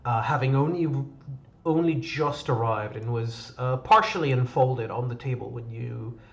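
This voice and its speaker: A man narrating as game master of an online tabletop game, pausing often with fillers. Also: medium pitch, vocal fry, fairly bright tone. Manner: halting, many fillers. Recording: slightly dull audio with faint music.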